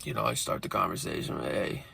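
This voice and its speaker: A man's voice: mid-range voice, steady tone, a little slow, sharp tone, a little hiss or hum. A man casually telling a rambling street story, streetwise and full of profanity.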